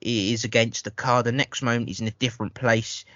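A man talks through a film in loose, swearing podcast chat, tripping over restarts as he goes. His voice is bright and forceful. The sound is dull and lo-fi, and dry up close. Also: medium pitch, steady tone, brisk, no room sound. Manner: rambling, profane, stammers on restarts. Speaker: podcast host. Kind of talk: casual film review chat.

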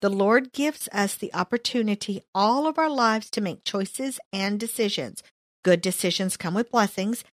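A woman's voice: medium pitch, normal speed, dry recording, studio quality. A woman leading a casual Bible study, reading verses aloud and adding her own comments. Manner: reads verses then comments, playful asides.

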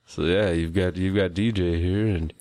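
A man's voice: sits low, steady tone, normal speed, a little mellow, clean tone, no echo. A man co-hosting a casual podcast into a headset, laid-back and jokey, laughing often. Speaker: podcast co-host. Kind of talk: casual crude podcast banter.

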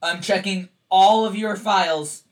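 A man's voice: sits high, steady tone, unhurried. A man playing an anxious young friend working through computer files, tense and pleading.

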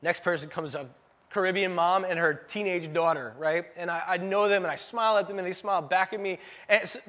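A man's voice: high-pitched, steady tone, brisk, pushed and bright. A man preaching a sermon, telling stories in an earnest, emotional way. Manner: emotional, earnest storytelling with laughs. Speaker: pastor.

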